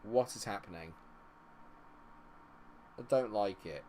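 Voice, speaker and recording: A man giving live commentary on a football management game, chatting with viewers and reacting loudly to the match. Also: lowish voice, slow pace, a little hiss or hum. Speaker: streamer.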